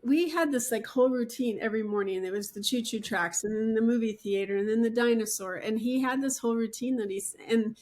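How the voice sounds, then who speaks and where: A middle-aged woman hosting a podcast, chatting in a relaxed, rambling way with asides and fillers. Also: on the high side, fairly quick, hardly any pauses. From Utah. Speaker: podcast host, real estate agent. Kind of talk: conversational interview chat.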